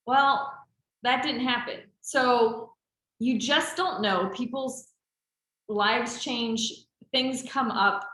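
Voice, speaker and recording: Bright, lively woman in an echoey room. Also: a little high, slow. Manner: lively, talkative, encouraging. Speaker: trainer answering team questions. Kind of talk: casual group chat. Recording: roomy echo.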